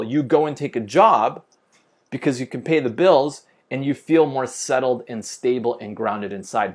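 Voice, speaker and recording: A man's voice: medium pitch, a little mellow. A man teaching a spiritual lesson to camera in an unscripted style. He repeats key points, often checks in with "okay?", and corrects himself mid-sentence.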